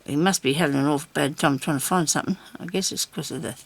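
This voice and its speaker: An older woman sits at a table at home, busy cutting and inking as she hosts a journal video and chats casually to herself about her crafting, laughing often. Her voice is low, fast and full of vocal fry, with noise in the background.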